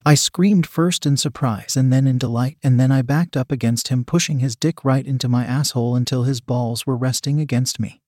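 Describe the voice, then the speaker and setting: Male narrator for a read-aloud erotic story, mid-pitched, dry close sound. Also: a little fast, few pauses, a little mellow, dry recording.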